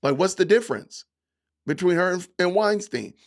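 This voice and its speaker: A man hosting a livestream podcast, talking casually to his chat, often slipping into mock-offended sarcasm and drawn-out emphasis. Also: high-pitched, lively intonation. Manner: addresses chat commenters by name. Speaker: podcast host reading live chat.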